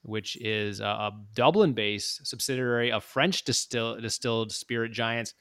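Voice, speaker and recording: Rambling, self-correcting podcast host. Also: male voice, mid-range voice, unhurried, sharp tone, smooth, no echo, studio quality. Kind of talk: casual chat.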